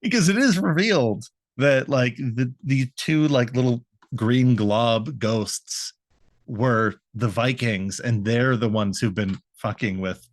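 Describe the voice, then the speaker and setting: A man's voice: medium pitch, slow, dry recording, studio quality. A man co-hosting a podcast, recapping a cartoon episode in a rambling, laughing way, swearing and acting out lines. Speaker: podcast co-host.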